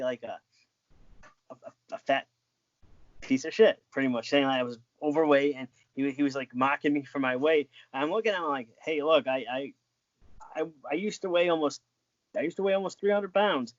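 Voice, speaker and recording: A man's voice: a little high, a little fast, dry recording, highs cut off. A man being interviewed as a former wrestling referee, telling stories in a rambling way with lots of restarts and filler words. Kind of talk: casual storytelling.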